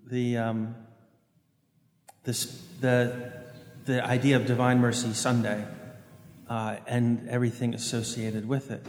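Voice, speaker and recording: A man preaching a sermon as a priest, earnest and thinking aloud, often restarting his phrases. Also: medium pitch. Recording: echoey church with long reverb.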